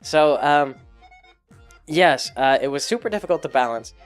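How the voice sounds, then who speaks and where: A man's voice: a little high, expressive, normal speed, soft background music. A man casually recounting a tabletop campaign he ran as game master, rambling with many fillers. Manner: rambling, full of fillers and restarts. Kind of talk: casual chat.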